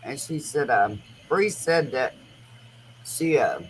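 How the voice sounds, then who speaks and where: A woman's voice: extremely low pitch, takes it slowly. A woman hosting a casual chat, telling rambling stories in loose, colloquial everyday speech. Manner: rambling animated storytelling with colloquial grammar. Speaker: host. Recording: noisy home recording.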